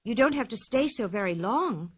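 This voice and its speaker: A woman's voice: a little high, expressive, normal speed, breathy edge, dry recording. A woman reading a storybook aloud, voicing an eager young boy in a coaxing tone.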